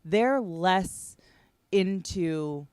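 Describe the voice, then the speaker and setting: A woman in her thirties hosting a podcast in casual chat, excitable and rambling with lots of fillers. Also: fairly low pitch, very slow, clear, resonant tone, dry recording. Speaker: podcast host.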